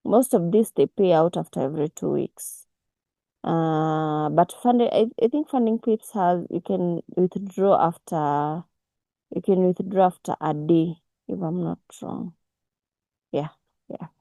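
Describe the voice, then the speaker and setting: Low, gravelly-voiced woman teaching. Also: warm tone, no echo, rough recording. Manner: unhurried, with many restarts and fillers. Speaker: forex mentor. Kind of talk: casual online class. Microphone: video call.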